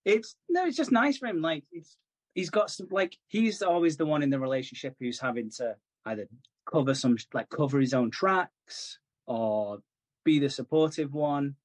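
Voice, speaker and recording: A man's voice: mid-range voice, lively intonation, normal speed, no room sound. A man co-hosting a podcast, recapping a soap in a casual, sweary, rambling way. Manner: sweary, rambling, acts out characters' lines. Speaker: podcast co-host.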